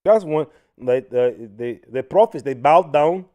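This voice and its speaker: Male livestream host, mellow tone, animated delivery full of restarts, chatty. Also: on the high side, a little slow. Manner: animated, frequent restarts, addresses viewers as y'all. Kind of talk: casual commentary livestream.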